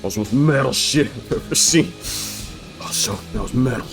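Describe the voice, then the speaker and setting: A man's voice: mid-range voice, animated, normal speed, gravelly, faint music behind. Irreverent young man riffing on a film. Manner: irreverent, profane, laughing often. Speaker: film commentator. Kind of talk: casual comedic riffing over a film.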